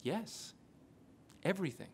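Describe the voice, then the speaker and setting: A man lecturing a class, quizzing the audience with rapid questions. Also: slight background noise. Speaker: lecturer on intelligence oversight.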